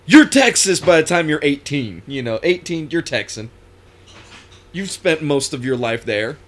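Laughing podcast host, slow and lively. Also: male voice, a little high. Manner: laughs often, loud bursts of protest. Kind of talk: casual chat.

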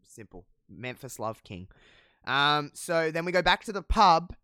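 A man's voice: fairly high pitch, sing-song, unhurried, sharp tone, clean tone, no room sound, studio quality. A man casually recapping a wrestling show as a podcast co-host, chatty and profane, with lots of fillers. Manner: chatty, profane, many fillers, laughs at own jokes. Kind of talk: casual chat.

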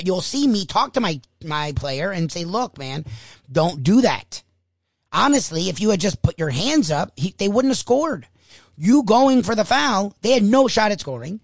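A young adult man hosting a radio show, ranting in an animated, exasperated way and laughing between points. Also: high-pitched, vocal fry, dry recording. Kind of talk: ranting talk-radio monologue.

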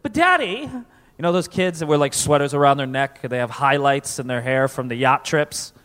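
A man from Connecticut doing live stand-up comedy, animated, profane and self-deprecating, on a festival stage before an audience. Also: medium pitch, a little fast, clean tone. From Connecticut, USA. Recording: reverberant live venue.

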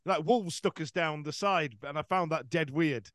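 A man with a fairly high, bright voice hosts a football podcast at a normal pace. His casual chat rambles, full of fillers and restarts.

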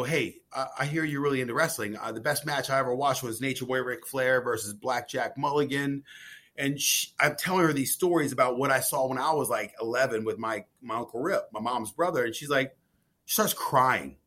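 A man talks as a podcast guest in an ordinary mid-range voice, spilling out stories in an excitable, rambling rush and tripping over his restarts. He sounds a little worn from jet lag. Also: medium pitch, brisk. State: jet-lagged. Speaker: cookbook author guest. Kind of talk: casual podcast interview.

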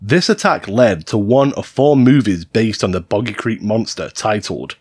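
A man's voice: on the low side, moderate pace, darkish tone, husky, dry recording. A man co-hosting a podcast, reading out stories in a casual, jokey way and swearing freely. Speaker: podcast co-host narrating stories.

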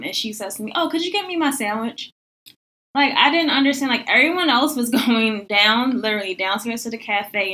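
A young woman telling a workplace story in casual podcast chat, full of "like" and acting out other people's lines. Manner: animated, acts out quoted voices with high pitch jumps; lots of "like" fillers.

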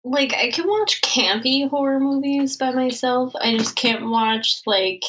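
Young woman rambling on a podcast, slow easy pace, swears a lot, laughs a bunch. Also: sits high, a bit bright, slight background noise, rough recording. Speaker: podcast co-host. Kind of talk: casual chat.

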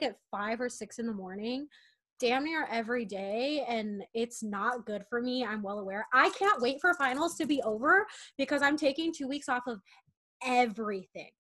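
A woman in her twenties co-hosting a podcast, expressive and a little burnt out. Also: a little high, moderate pace. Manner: expressive, excitable. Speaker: podcast co-host. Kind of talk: casual chat.

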